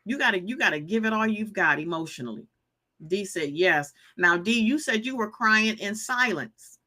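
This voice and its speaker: A woman's voice: medium pitch, animated, normal speed, sharp tone. A woman in her fifties hosting a live stream, emphatic and preachy, repeating her points and reading viewer comments aloud. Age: 50s. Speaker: live show host giving healing advice.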